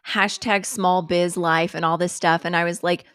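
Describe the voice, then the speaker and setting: A woman's voice: lowish voice, level tone, normal speed, a bit bright, clear, resonant tone, no echo, clean studio sound. Giggly woman host chatting on a stream. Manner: giggly, swears freely, chatty asides. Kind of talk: casual live-stream commentary.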